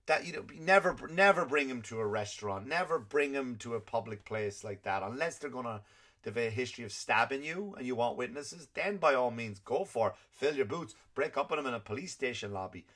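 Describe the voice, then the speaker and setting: A man's voice: mid-range voice, lively intonation, fairly quick, fairly bright tone. A man hosting a comedy podcast, ranting and swearing constantly in an exasperated, comic way. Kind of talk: profane comedic rant.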